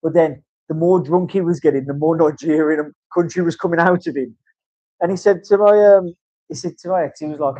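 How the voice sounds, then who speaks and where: A man's voice: high voice, fast, warm tone, no room sound. A man in casual chat, rambling and swearing through banter in a tattoo studio. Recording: dull, dry lo-fi sound.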